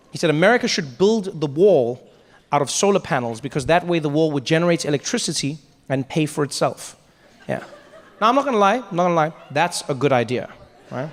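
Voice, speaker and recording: A man doing a stand-up comedy set on stage, animated and playful, teasing the audience. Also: high-pitched. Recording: live show with background noise.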